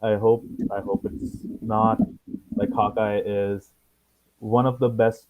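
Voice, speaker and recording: A man co-hosting a casual chat over a video call, easygoing and quick to laugh. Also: lowish voice, little pitch movement, narrow, tinny audio. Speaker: co-host.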